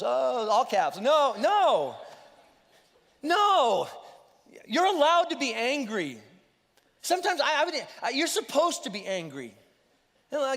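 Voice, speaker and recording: A man preaching a sermon as pastor, animated and conversational, with lively asides to the congregation. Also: very high-pitched. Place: church auditorium. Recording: long hall reverb.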